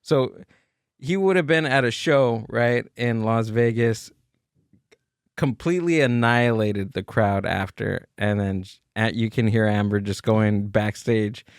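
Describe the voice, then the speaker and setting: A man's voice: lowish voice, unhurried, clear, resonant tone, no room sound, clean studio sound. A man hosting a podcast, asking questions in an easygoing way. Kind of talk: casual chat.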